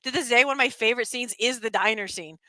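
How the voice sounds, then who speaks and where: A woman hosts a laid-back stream, her voice on the higher side and sharply bright. She chats in a lively way, breaking into laughs and excited rants. The sound is dry and close. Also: quick pace, no echo, rough recording. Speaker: streamer host. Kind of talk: casual chat.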